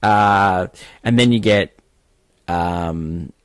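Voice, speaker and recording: A man with a fairly low voice recaps a film in casual chat, rambling and hesitant, with plenty of fillers. He sounds like a podcast co-host. The recording is dry and close. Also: very slow, clean tone, no room sound.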